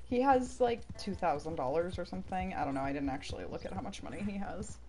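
A woman's voice: lowish voice, animated, quick pace, dark tone, a little hiss or hum. A young woman streaming a game, chatting casually and laughing often with her viewers. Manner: chatty, laughs often, jokey asides to chat. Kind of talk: casual gameplay commentary.

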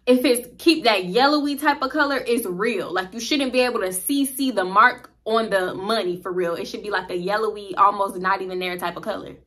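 A young woman in her twenties telling a casual, profane work story in an animated, chatty way. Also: medium pitch, brisk, hardly any pauses.

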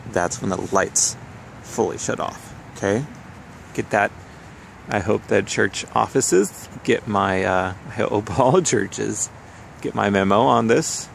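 A young man vlogging casually about his photo outings, chatty and quick to laugh as he walks and drives around the city. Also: lowish voice, creaky. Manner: chatty, laughs often, thinks aloud while walking and driving. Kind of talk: casual handheld travel vlog. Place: outdoors and in a car around a city. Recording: noisy outdoor street recording.

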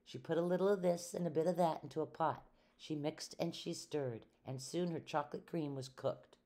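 A woman's voice: low-pitched, normal speed, dark tone. Older woman reading a children's story. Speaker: retired teacher reading aloud. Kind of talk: children's read-aloud narration.

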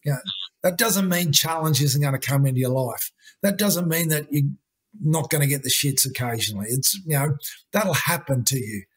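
A man's voice: on the high side, normal speed, breathy edge. A man, a guest coach talking earnestly in an interview, often saying "you know" and "mate". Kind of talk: conversational interview talk.

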